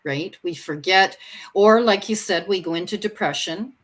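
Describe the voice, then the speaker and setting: A woman's voice: medium pitch, normal speed. A woman co-hosting a talk show, speaking reflectively and often checking in with "right?" and "you know". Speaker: co-host. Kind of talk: reflective conversation.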